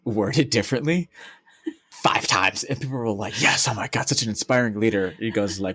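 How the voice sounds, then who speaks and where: A young man co-hosting a casual podcast, rambling and profane as he tells animated stories. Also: on the low side, moderate pace, husky, no room sound. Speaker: podcast co-host. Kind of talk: casual chat.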